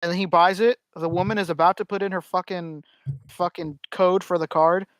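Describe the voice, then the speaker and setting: A man's voice: high voice, steady tone, brisk, fairly bright tone, no echo. A man co-hosting a podcast, telling a story in casual chat, acting out the people in it and swearing. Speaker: podcast co-host.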